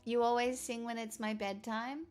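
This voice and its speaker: A woman's voice: a little high, little pitch movement, normal speed, darkish tone, soft background music. A woman livestreamer in casual chat, reading viewers' comments aloud and answering them in a playful, teasing way.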